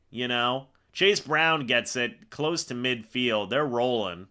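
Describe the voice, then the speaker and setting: A young man hosting a live fan reaction stream, calling the plays as he watches and getting excitable on big moments. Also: mid-range voice, takes it slowly, few pauses. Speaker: fan livestream host.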